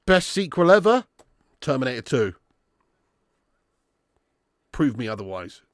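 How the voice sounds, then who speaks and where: A man hosting a live football watch-along, sweary and bantering, swinging into excitable commentary. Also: mid-range voice, measured pace, dry recording, clean studio sound. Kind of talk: live match commentary and chat.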